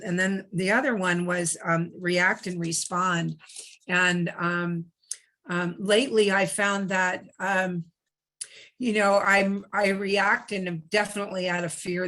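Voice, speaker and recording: A middle-aged woman sharing personally at a recovery meeting, halting and heartfelt, with many fillers. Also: lowish voice, fairly bright tone.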